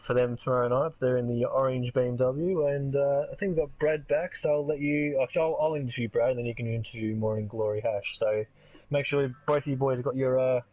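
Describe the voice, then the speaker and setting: A man interviewing drivers after a race, relaxed, friendly and a bit rambling. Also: medium pitch, a little fast, no echo. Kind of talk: casual post-race interview. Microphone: online voice chat. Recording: dull lo-fi voice chat.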